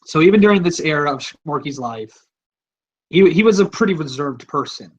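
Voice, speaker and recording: A man's voice: on the high side, expressive, moderate pace, poor audio. A man hosting a podcast, talking in a rambling, offhand, casual way and swearing freely. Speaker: podcast host.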